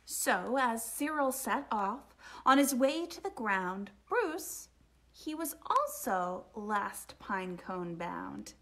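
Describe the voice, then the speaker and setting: A woman reading a rhyming children's picture book aloud, expressive and sing-song, sometimes dropping to a whisper. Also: fairly high pitch, slow pace. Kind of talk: storytime read-aloud.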